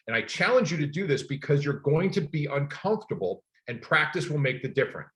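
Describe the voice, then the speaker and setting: A middle-aged man leads a training session for agents, speaking in an emphatic, coaching way. His voice sits at an ordinary mid pitch for a man. He often drives a point home with short repeated words. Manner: energetic, emphatic coaching with personal stories. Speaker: real estate trainer.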